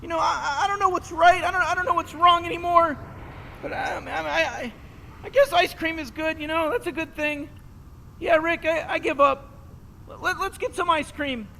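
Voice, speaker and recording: A man's voice: extremely high pitch, steady tone, normal speed, vocal fry, sharp tone, heavily acted. A man voicing an anxious, stuttering teenage boy sidekick in a video game, repeating words as he protests. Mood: defeated. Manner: stammering, repeats words, exasperated. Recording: game audio with long reverb and faint noise.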